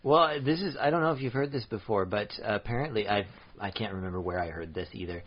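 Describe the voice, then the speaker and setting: A man with a very low, husky voice chatting on a podcast, explaining things hesitantly with plenty of fillers. The audio is dull and lo-fi. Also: fast talker. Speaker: podcast co-host. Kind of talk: casual chat.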